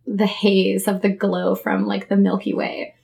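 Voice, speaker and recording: Creaky-voiced woman chatting casually. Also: mid-range voice, flat delivery, measured pace, a little mellow. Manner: chatty, laughs often, rambling with fillers. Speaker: podcast co-host. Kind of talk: casual chat.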